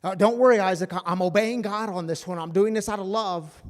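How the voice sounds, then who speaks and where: A man's voice: sits high, fast talker, a little mellow, big-room sound, pitched above the performer's own voice, close to an everyday voice. A man playing Abraham as a nervous father hurriedly reassuring his son. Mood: nervous reassurance.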